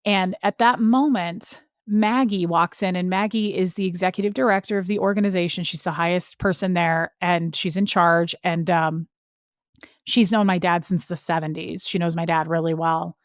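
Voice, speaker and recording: A woman's voice: on the low side, steady tone, moderate pace, dry recording, studio quality. A woman guest telling a personal story in a casual, earnest way, full of "like" fillers. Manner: earnest and emotional when recounting. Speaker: podcast guest.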